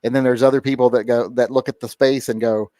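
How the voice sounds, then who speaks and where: A man's voice: mid-range voice, level tone, fast talker, warm tone, dry recording, clean studio sound. A man hosting a casual livestream, reading viewer messages and joking around with lots of filler words. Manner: joking, rambling with many fillers. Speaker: livestream host. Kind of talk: casual livestream chat reading super chats.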